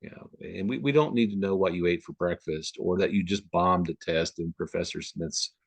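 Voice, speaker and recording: A man's voice: low voice, moderate pace, no room sound. A man from the Upper Midwest chatting as a guest on a video call, rambling with lots of fillers and restarts. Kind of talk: casual conversation on a video call.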